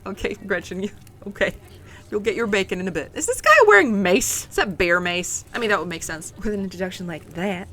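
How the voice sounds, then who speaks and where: A woman's voice: lowish voice, steady tone, fast talker, fairly bright tone. A woman playing a story game, chatting casually, giggling and reading the game's lines aloud. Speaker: gaming streamer. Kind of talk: let's play commentary, reading game dialogue aloud.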